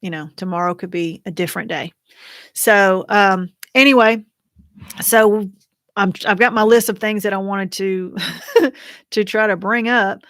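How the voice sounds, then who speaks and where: A middle-aged woman talks through a livestream, rambling and chatty as she tells her story, with many fillers and false starts. Her voice sits at an ordinary pitch for a woman. The sound is dry and close, with little room around it. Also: fairly even intonation, measured pace, pauses often, dry recording. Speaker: host of a widows' support livestream. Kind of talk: casual livestream chat. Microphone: computer or phone mic for a livestream.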